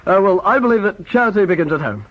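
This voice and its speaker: A man's voice: high-pitched, very animated, fast talker. A man playing a smug male prize winner who mumbles and hesitates. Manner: hesitant, full of ums. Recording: dull lo-fi tape recording.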